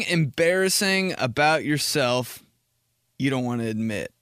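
A young man in his twenties hosting a casual solo podcast, rambling and animated, with lots of "like" filler and quick jumps into jokey high voices. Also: smooth, no echo, studio quality. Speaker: podcast host.

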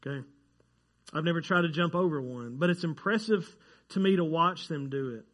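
A man preaching a sermon to his church, chatty and joking with the congregation, growing excited over facts that surprise him. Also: on the high side, normal speed. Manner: conversational, jokes with the congregation, gets animated over surprising facts. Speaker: pastor. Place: church sanctuary.

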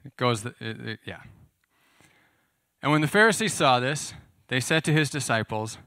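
A man gives a relaxed, conversational sermon, reading scripture and unpacking it in plain words. His voice is bright and forward, and it sounds dry and close. He speaks at a middle pitch and now and then turns to ask his listeners questions. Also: normal speed, dry recording. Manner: conversational, asks the audience questions. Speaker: pastor. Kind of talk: sermon teaching.

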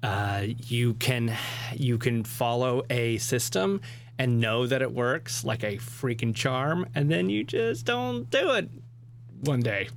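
A man's voice: mid-range voice, lively intonation, slow pace, creaky, slight background noise. Emphatic man chatting on a podcast. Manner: emphatic, chatty, with frequent laughs. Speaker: podcast co-host. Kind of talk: casual podcast chat.

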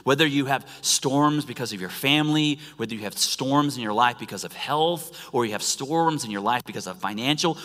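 A pastor delivers a sermon in a church sanctuary. His tone is bright and forceful, and he often drops from loud emphasis to near-whispers. The voice carries a long reverb from the hall. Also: mid-range voice.

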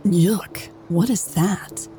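A woman's voice: lowish voice, extremely slow, warm tone, faint music behind. A woman reading an audiobook and voicing Louise, a wry, affectionate adult woman. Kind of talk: audiobook character voice.

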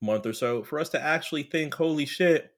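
A man co-hosting a casual TV recap podcast, talking animatedly and breaking into loud put-on character voices. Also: a little high, brisk. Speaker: podcast co-host.

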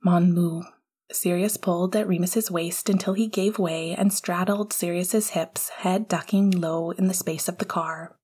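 A woman reading a story aloud in a soft, intimate way, often dropping to a whisper. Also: lowish voice, fairly even intonation, unhurried, hardly any pauses, slightly rough. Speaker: audiobook reader. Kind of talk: fan fiction narration.

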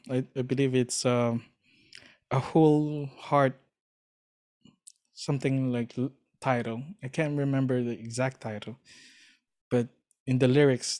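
A man in casual chat, telling a story earnestly and with enthusiasm, often pausing to search for words. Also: medium pitch, darkish tone.

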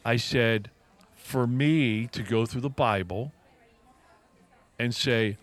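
A man's voice: mid-range voice, takes it slowly. A man co-hosting a talk show, telling a personal story in a casual, earnest way with frequent restarts and emphatic turns. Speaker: podcast co-host.

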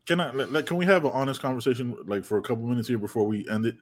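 A man from the United States co-hosting a casual sports podcast, rambling and animated, swearing freely. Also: mid-range voice, racing. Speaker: podcast co-host.

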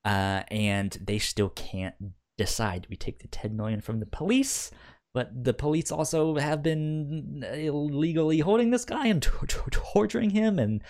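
This podcast co-host talks casually through a TV series recap, tripping over repeated syllables and stammers while cursing without restraint. Characters' lines come out as quick, acted-out quotes. He has a slightly high, somewhat mellow voice.

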